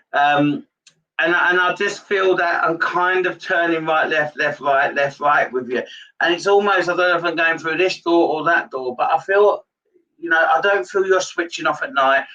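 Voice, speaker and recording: Man, medium on a live stream, rambling and hesitant, bright-edged voice, dull far-off mic. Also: on the high side, unhurried. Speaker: psychic medium. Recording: dull lo-fi sound from a distance.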